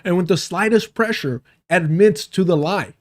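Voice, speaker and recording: Hosting a livestream, this man talks directly to his chat with sarcastic, profanity-laced reaction commentary. His voice is high and his pace is normal.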